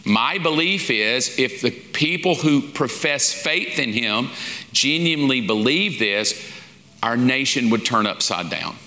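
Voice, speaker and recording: A man's voice: mid-range voice, expressive, measured pace, bright, forceful tone. A man, a pastor, teaching a sermon in a folksy, informal way, acting out little quoted asides. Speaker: pastor teaching a lesson series. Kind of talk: conversational sermon. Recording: long reverb of a large hall.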